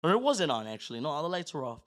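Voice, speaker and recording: This podcast guest's voice is fairly high-pitched and sing-song, and he races along as he tells a casual, profane personal story. He acts out his own words, veering between loud outbursts and near-whispers.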